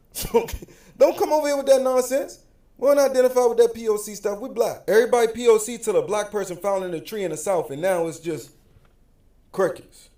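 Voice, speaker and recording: A man with an African American English accent delivers a blunt, repetitive rant straight to the camera. His voice sits very high for a man. The room around him rings with echo. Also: fairly even intonation, brisk, dark tone. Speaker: social media commentator. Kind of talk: heated direct-to-camera rant.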